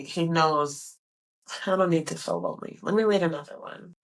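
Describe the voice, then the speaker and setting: A woman's voice: deep voice, creaky, recorded from a distance, poor audio. Candid young woman telling her story. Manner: candid and animated, acting out dialogue. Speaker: podcast host. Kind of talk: personal storytelling.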